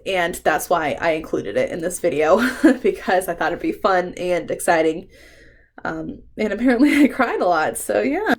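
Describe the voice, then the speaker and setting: A woman's voice: on the low side, lively intonation, normal speed. A woman doing a casual book tag vlog, chatty and emotional, swearing freely and laughing between remarks. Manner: emotional, fond rambling with frequent ums. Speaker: book vlogger.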